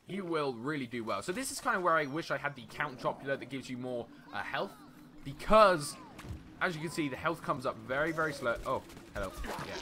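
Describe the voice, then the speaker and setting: Chatty young man, bright voice. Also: mid-range voice, a little hiss or hum. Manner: chatty, rambling, with many fillers and sudden excited outbursts at the game. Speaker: gaming video host. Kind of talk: casual gameplay commentary.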